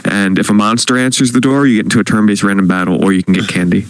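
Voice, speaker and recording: Fast-talking enthusiastic man. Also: fairly low pitch, steady tone, no room sound, poor audio. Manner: enthusiastic explaining. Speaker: podcast co-host. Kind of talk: casual chat.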